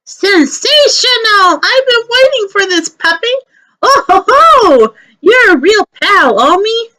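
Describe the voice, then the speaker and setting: A woman's voice: very high voice, big pitch swings, slow, pushed and bright, pitched above the performer's own voice, exaggerated voice. A woman reading a game story aloud, voicing Aaron, an overly talkative, chummy male rabbit creature who drawls folksy slang. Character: chatty fast-talking male rabbit critter.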